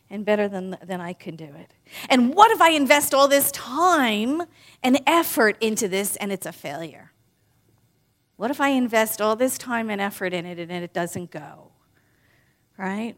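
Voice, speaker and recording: Lively woman preaching to a congregation. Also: a little high. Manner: animated, playful, talks directly to the congregation. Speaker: minister. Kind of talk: sermon. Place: in front of a live congregation.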